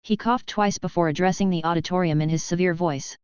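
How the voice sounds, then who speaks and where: Smooth low-voiced woman narrating a novel. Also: a little fast, hardly any pauses, dry recording. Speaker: audiobook narrator. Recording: slightly dull dry recording.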